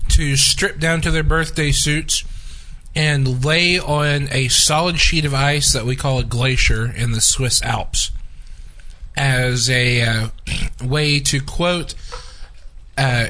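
A man's voice: fairly high pitch, pushed and bright, low-quality recording. A man co-hosting a casual talk show, dry and skeptical as he reads out a news story. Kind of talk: casual radio chat.

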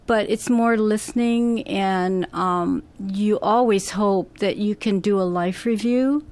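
A middle-aged woman, a hospice nurse, answering interview questions in a slow, gentle, thoughtful way with many restarts. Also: mid-range voice.

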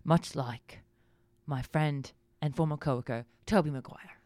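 A woman doing a hushed old male film star. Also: low-pitched, a little slow, dry recording. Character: impression of an older male film actor, hushed and rambling. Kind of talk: comedy podcast bit.

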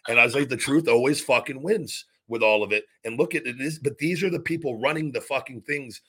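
A man's voice: mid-range voice, brisk, sharp tone, husky. A man hosting a podcast, ranting in anger with heavy swearing and repeated phrases. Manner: angry, profane, repetitive rant. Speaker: podcast host. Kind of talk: heated podcast rant.

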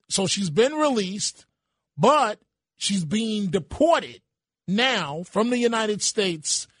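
A man's voice: high-pitched, fairly bright tone, no room sound. A man hosting a talk radio show from the studio, talking in a rambling, hesitant way full of restarts.

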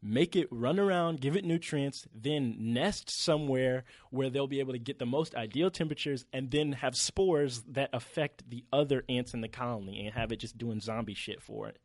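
A young man co-hosting a podcast, talking in an animated, slangy way and swearing freely. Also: medium pitch, moderate pace, few pauses, no room sound. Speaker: podcast co-host. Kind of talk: casual chat.

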